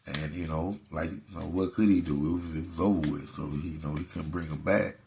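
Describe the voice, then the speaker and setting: Super deep gravelly guy, flat delivery, laid back storytelling, faint hiss behind. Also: brisk. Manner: laid-back, peppered with "man" and "you know". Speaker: host. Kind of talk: casual storytelling to camera.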